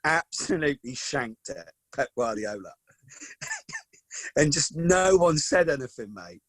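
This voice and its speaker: A man's voice: medium pitch, a little slow, no echo. Chatty man in his forties. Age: 40s. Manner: lively anecdotal, peppers talk with "mate" and "do you know what I mean". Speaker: podcast guest, football coach. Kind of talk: casual storytelling chat.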